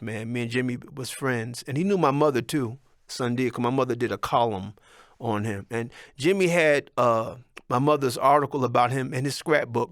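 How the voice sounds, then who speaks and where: A man's voice: medium pitch, no room sound, clean studio sound. Rambling, heartfelt middle-aged man. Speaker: son of a musician, telling life stories. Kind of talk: casual personal storytelling.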